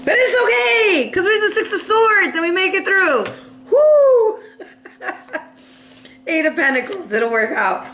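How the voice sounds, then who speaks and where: A high-pitched woman giving a playful, chatty tarot reading, acting out quick voices for the cards. She laughs often and coughs now and then. The room is echoey, with a faint hum behind her. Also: expressive, bright, forceful tone. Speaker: tarot reader.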